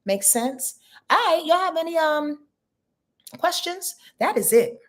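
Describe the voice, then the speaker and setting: A woman's voice: high-pitched, sing-song, unhurried. A woman in her fifties hosting a casual astrology livestream from her bed, sleepy and chatty, talking straight to her viewers in loose slang. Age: 50s. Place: lying in her bed at home.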